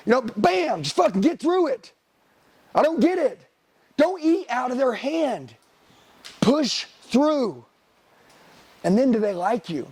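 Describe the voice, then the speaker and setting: Middle-aged guy yelling sales motivation at a room, high voice, cussing constantly, blunt and pushy. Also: big pitch swings, measured pace, long pauses, slightly rough. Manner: profane, blunt, hard-driving; preachy with rhetorical questions. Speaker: sales trainer. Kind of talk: motivational sales seminar talk.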